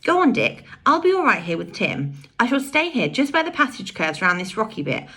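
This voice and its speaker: A woman reading aloud and voicing a fearless, tomboyish girl who gives orders briskly and fiercely. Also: on the high side, sing-song, bright, forceful tone, slightly rough, pitched above the performer's own voice, exaggerated voice. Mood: urgent.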